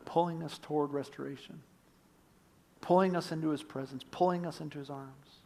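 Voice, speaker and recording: Earnest male pastor with a higher voice. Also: a little fast. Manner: earnest, swings from emphatic to hushed. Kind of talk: sermon.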